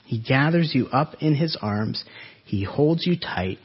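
A man preaching an earnest Easter-season sermon to his congregation, his voice swelling and then dropping soft. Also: medium pitch, lively intonation, a little slow, slightly rough, dull audio. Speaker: pastor.

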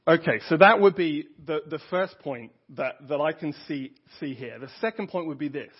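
Earnest, husky-voiced man preaching. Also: a little high, lively intonation, moderate pace, few pauses. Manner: earnest, conversational, with frequent restarts. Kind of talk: sermon. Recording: dull lo-fi audio.

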